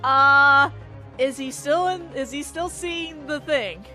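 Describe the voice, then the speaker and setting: A woman's voice: sits high, slow, pushed and bright, faint music behind. A woman chatting casually while playing, giggly and teasing. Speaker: player. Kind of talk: casual chat.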